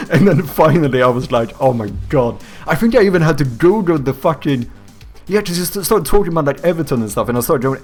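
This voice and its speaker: A man's voice: medium pitch, animated, a little fast, darkish tone, soft background music. A young man streaming live from home, chatting casually with his viewers, reading their messages aloud and answering them, swearing freely and breaking into laughter often. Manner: reads out and answers viewer chat. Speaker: streamer and game developer.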